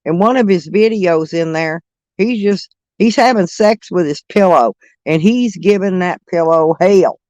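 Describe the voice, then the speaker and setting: A man's voice: high-pitched, a little slow, darkish tone, no room sound. A middle-aged man, chatting casually and rambling on a livestream, laughing often. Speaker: live streamer. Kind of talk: casual livestream chat with viewers.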